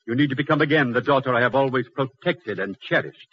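A man's voice: medium pitch, fast, breathy edge, natural voice. An actor playing a stern, controlling older father who speaks condescendingly, in a 1940s radio drama. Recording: lo-fi old radio recording.

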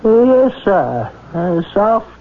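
A high-voiced deferential butler. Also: male voice, big pitch swings, slow, exaggerated voice. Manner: formal, respectful. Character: polite, deferential male butler. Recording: tinny phone-like old radio audio.

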